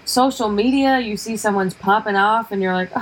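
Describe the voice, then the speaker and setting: A young woman comedian co-hosting a podcast, ranting emphatically in casual chat and chiming in with quick agreement. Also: mid-range voice, poor audio.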